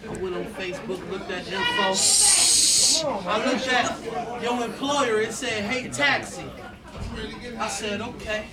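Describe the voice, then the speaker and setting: A man's voice: high-pitched, a little slow. A man in a live rap battle delivering insults as a conversational story. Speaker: battle rapper. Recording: distant live recording over a loud crowd.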